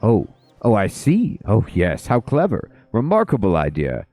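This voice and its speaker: Man putting on a plummy posh dwarf gentleman. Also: on the low side, huge pitch swings, measured pace, no echo, soft background music, exaggerated voice. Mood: fussy. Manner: plummy upper-class British slang. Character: posh bearded male dwarf gentleman, fussy.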